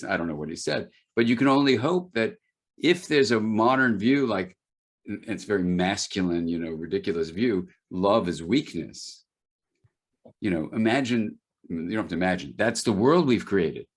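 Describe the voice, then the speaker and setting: Low-voiced man telling stories in a webinar. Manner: storytelling, many restarts and fillers. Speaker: author guest. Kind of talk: webinar conversation.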